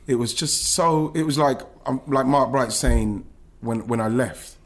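A husky-voiced man with a mid-range pitch tells stories from his football career as a podcast guest. He talks haltingly, restarts his sentences often and swears freely. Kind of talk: emotional podcast interview.

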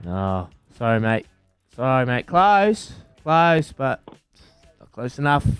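A man's voice: medium pitch, animated, a little slow, a bit bright, clean tone, no room sound, faint music behind. A man hosting a casual radio phone quiz, upbeat and calling everyone mate and brother. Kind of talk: casual breakfast radio chat.

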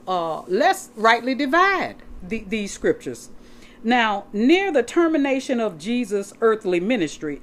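Animated woman preaching a sermon. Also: mid-range voice. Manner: emphatic, repeats words for stress, addresses listeners as saints; reads scripture aloud from notes and flips pages. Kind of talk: sermon with scripture reading.

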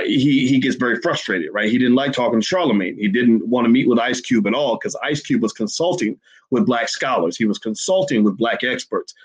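A man's voice: medium pitch, husky, poor audio. A man giving emphatic livestream commentary to his chat, hammering points with repeated rhetorical questions. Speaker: finance commentator.

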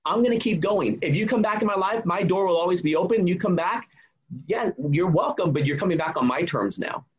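A man's voice: high voice, expressive, a little fast, breathy edge, muffled recording. A man in his forties, a memoir author, telling his story earnestly and emphatically as a podcast guest. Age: 40s. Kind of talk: casual podcast conversation.

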